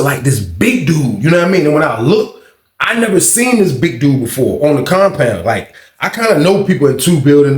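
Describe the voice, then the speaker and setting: A man telling a story in a loose, slangy way, often adding "you know what I mean". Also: fairly high pitch. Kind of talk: casual storytime narration. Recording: roomy echo.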